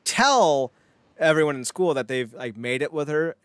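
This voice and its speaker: A man co-hosting a podcast, talking in a loose, rambling way with lots of laughter. His pitch swoops up and down as he tells stories. The sound is dry and close, with no room echo. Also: expressive, normal speed, smooth. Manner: rambling, laughs often, acts out quotes in voices. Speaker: podcast co-host. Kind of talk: casual chat.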